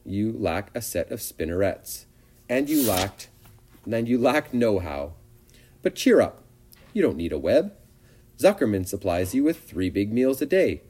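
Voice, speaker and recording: A man reading a storybook aloud and voicing a wise, calm female spider who speaks in a measured, gently lecturing way. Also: lowish voice, slightly rough, heavily acted. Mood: calm advising.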